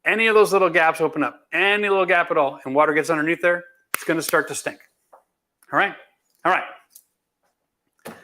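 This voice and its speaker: A man's voice: on the high side, fairly even intonation, moderate pace, pauses often, pushed and bright, a little hiss or hum. A middle-aged man from Canada, a home renovation host answering viewer questions in a blunt, emphatic, folksy way. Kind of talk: live Q&A chat.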